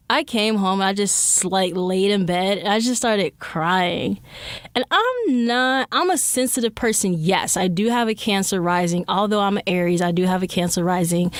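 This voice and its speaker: A woman's voice: medium pitch, dry recording. Woman podcast host, young, candid and profane monologue, dry close sound. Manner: blunt, profane, animated storytelling.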